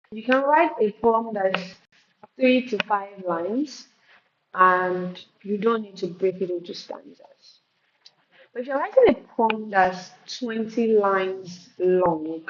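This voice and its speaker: A woman leads a live poetry lesson and leans hard on key words, often restarting mid-phrase. Her voice sits in the middle of the range. The recording sounds muffled, with a steady hiss behind her. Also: medium pitch. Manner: emphatic, repeats words and restarts, drawn-out stresses. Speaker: poetry teacher. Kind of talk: live spoken-word lesson answering questions. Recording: roomy, dull and noisy.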